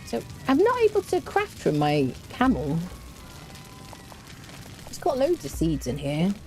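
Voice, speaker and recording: A woman's voice: fairly low pitch, huge pitch swings, a little slow, darkish tone, faint music behind. A woman streaming a survival game, talking casually and mocking herself, humming between remarks. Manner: chatty and self-mocking, hums to herself. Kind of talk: casual gameplay commentary.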